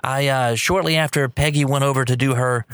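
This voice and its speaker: A man's voice: mid-range voice, fairly even intonation, fairly quick, fairly bright tone, clean tone, no room sound. A man hosting a podcast in a casual solo monologue, rambling and enthusiastic with many fillers and restarts. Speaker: podcast host.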